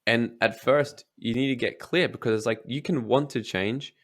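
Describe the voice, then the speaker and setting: A young man talks as an interview guest, driving home motivational points with emphasis and the odd curse. His voice sits at an ordinary middle pitch. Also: moderate pace, a bit bright. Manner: emphatic, swears casually, acts out quoted voices.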